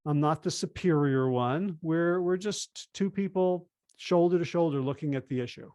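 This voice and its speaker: Animated man with a dry close sound. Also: a little high, normal speed, dry recording. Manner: animated, acts out quoted dialogue. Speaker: interview guest, author. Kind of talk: conversational interview.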